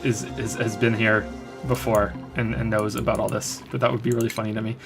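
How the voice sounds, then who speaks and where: A man's voice: fairly low pitch, little pitch movement, fairly quick, creaky, over music. A man casually answering chat questions on a live stream while playing a game, rambling with frequent restarts and fillers.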